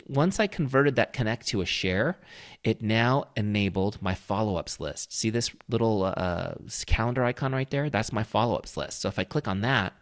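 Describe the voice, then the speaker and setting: A man walking viewers through a software tutorial in a coaching tone, often checking in with "okay?" and "right?". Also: on the low side. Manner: coaching tone, frequent check-ins with the listener. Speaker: software trainer. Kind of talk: screen-share tutorial walkthrough.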